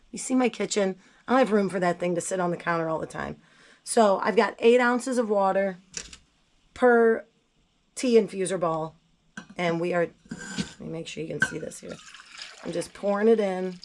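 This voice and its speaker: A woman with a cold making tea in her home kitchen, talking casually and bluntly to the camera with self-mocking asides. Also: mid-range voice. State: sick, voice not at its best. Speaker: gardening vlogger. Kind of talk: casual kitchen how-to chat.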